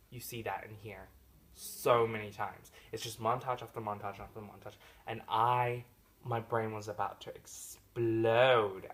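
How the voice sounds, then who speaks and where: A man reviewing a film in a casual, chatty way, full of mock complaints aimed straight at the actors. His delivery jumps between loud, excited bursts and low, deflated mutters. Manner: animated and jokey, with big swings in loudness and pitch. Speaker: movie reviewer. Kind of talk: casual spoken movie review.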